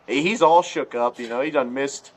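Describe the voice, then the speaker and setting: A man from Ohio telling a hunting story on a podcast in a loose, animated, laughing way, full of swearing and fillers. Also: medium pitch, normal speed. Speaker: podcast guest. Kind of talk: casual storytelling.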